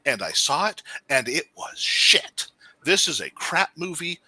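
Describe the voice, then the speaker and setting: A man's voice: fairly high pitch, very animated, measured pace, pushed and bright, husky, no echo. A man co-hosting a podcast who gives blunt, emphatic opinions in precise wording. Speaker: podcast co-host. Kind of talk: casual podcast banter.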